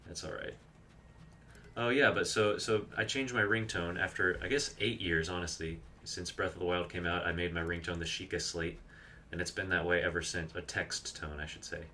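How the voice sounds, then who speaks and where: Male streamer, deep voice, chatty and rambling, casual live gameplay talk. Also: fairly even intonation, normal speed, pushed and bright, slight background noise. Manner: chatty, rambling, reads chat aloud and explains game tricks.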